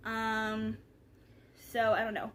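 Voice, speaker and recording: A woman's voice: on the high side, monotone, takes it slowly, fairly bright tone, slight background noise. A young woman, chatting casually in a vlog, rambling with many fillers. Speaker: vlogger.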